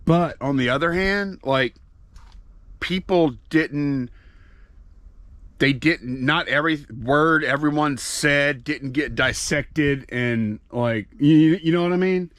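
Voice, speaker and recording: A man's voice: fairly high pitch, slow pace, a bit bright, no room sound. A man chatting casually and rambling while packing orders as co-host of a reselling channel. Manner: rambling, self-interrupting, folksy.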